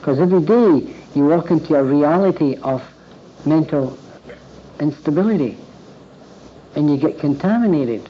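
A man giving a talk to therapists, telling anecdotes in an animated way and acting out bits of dialogue. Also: fairly high pitch, normal speed, pauses often, slight background noise. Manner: animated anecdotal storytelling, acts out quoted dialogue. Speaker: speaker addressing therapists. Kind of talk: storytelling lecture. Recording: dull lo-fi recording.

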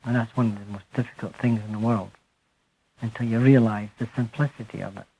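A man giving a spiritual talk to a live audience, speaking slowly and emphatically and letting his phrases fall away softly. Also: fairly low pitch, steady tone, slightly rough, rough recording. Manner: slow, emphatic, trailing off softly at phrase ends. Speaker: speaker addressing a group.

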